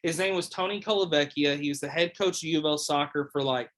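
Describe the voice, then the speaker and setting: This is a quick-paced, fairly high-pitched male voice with a slightly bright quality. A young podcast host or guest rambles through a casual chat, dropping lots of fillers and curse words.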